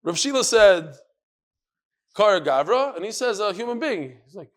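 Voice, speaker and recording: A man's voice: sits high, expressive, normal speed. A man, a rabbi, teaching a live Talmud class in a study hall. He tells stories with flair, acts out the quotes and talks straight to his students.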